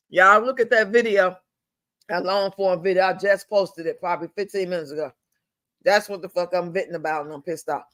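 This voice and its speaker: An older man with a drawl vents on a live stream from home, profane and fuming, circling back to the same complaints and stretching some words out. His voice sits high and bright, with a sharp edge. The sound is dry and close, with no room echo. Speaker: livestream host. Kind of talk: angry venting live stream.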